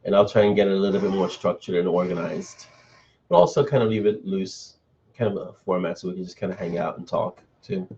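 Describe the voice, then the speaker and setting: A man's voice: low voice, fairly even intonation, a little fast, mellow, a little hiss or hum. A man hosting a casual live stream, chatting loosely and answering viewers' comments as he goes. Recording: dull, slightly lo-fi stream audio.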